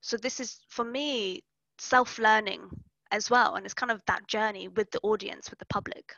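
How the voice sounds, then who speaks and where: Woman, archaeologist guest, casual chat, bright clear tone, dull lo-fi sound. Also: medium pitch, steady tone, moderate pace, dry recording. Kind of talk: casual conversation.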